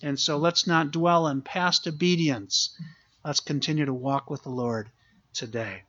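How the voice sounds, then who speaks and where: Male pastor, slightly higher voice, earnest sermon delivery with repeated phrases, lo-fi recording. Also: fairly even intonation, measured pace, sharp tone.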